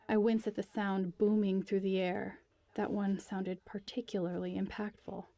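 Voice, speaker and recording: A woman reading a first-person story aloud in a quiet, intimate way, sometimes dropping to a breathy whisper. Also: mid-range voice, level tone, normal speed, no echo. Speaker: narrator.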